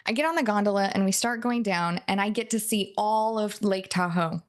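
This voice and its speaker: A woman's voice: mid-range voice, a little fast. A woman giving a live coaching talk to an audience, telling stories in a chatty way and often checking in with the listeners. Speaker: NLP and hypnosis coach.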